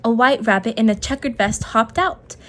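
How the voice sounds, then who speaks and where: A woman narrating a children's picture book aloud in a gentle, expressive way. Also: a little high, moderate pace. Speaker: storyteller.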